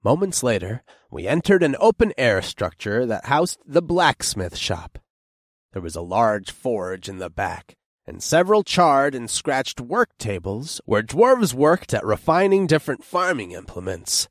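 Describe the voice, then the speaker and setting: A male audiobook narrator reads first-person fantasy slowly and expressively. His voice is mid-range, and the studio-quality recording has no room sound.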